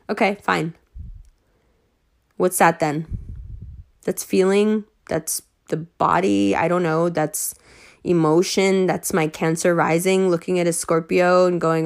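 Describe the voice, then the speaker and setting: A woman ranting to her followers, heated and sarcastic, swearing freely and at times rising almost to shouting. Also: fairly low pitch, measured pace. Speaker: online commentator.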